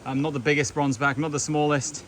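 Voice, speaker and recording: A young man hosting a vlog, chatting excitedly and casually as he films outdoors at night by a forest stream. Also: a little high, fairly quick, a little hiss or hum. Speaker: vlog host. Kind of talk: casual on-the-spot field commentary.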